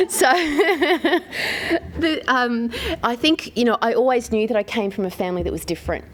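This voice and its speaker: A woman's voice: a little high, unhurried, a little hiss or hum. A woman in her forties with an Australian accent, giving a candid personal talk to a live audience as a mentor, in a conversational manner full of fillers and questions to the room.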